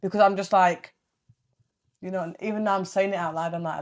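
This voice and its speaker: A young woman, hosting a casual solo podcast, blunt and animated, swearing freely as she tells stories. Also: lowish voice, a little fast. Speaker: podcast host.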